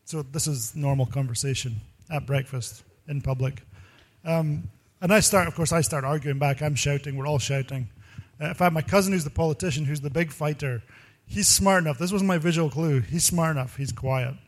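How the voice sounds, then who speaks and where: A male pastor giving a sermon full of personal stories, talking in an animated, rambling way and laughing often. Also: on the high side, a little fast.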